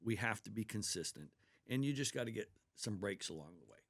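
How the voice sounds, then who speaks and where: A man's voice: lowish voice, expressive, a little fast, creaky, a bit bright. A man who is a basketball head coach, talking earnestly in a casual interview and telling stories about his players with enthusiasm.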